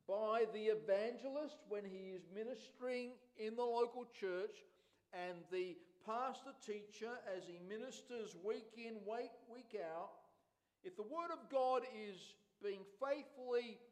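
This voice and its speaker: Man, pastor, very high voice, unhurried emphatic sermon delivery. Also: a little mellow. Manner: slow, emphatic preaching with repeated phrases.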